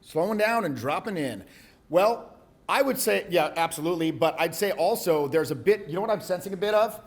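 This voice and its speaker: A man's voice: high voice, a little fast. A man coaching a live workshop on voice and presence, talking bluntly and casually, with frequent swearing. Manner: blunt, profane, conversational.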